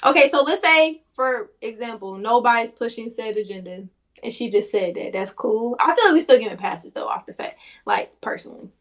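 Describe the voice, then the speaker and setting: High-voiced blunt woman panelist. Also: animated. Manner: blunt, argumentative, quick comebacks. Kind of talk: casual panel discussion.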